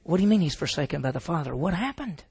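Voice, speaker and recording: Gravelly, husky male Bible teacher. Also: a little high, expressive, fast, darkish tone. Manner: asks the audience questions and answers them.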